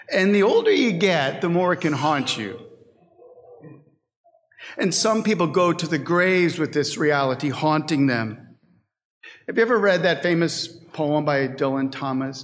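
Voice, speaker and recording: A man preaching a sermon as pastor, slow and deliberate, reading scripture and poetry dramatically. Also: a little high, a bit bright. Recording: long reverb of a church hall.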